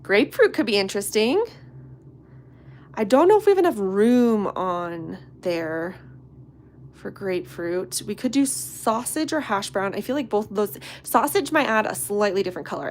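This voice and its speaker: A woman in her thirties chatting on a live stream while she sculpts, bubbly and chatty, greeting viewers by name and dropping into soft asides. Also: medium pitch, animated, moderate pace, slight background noise.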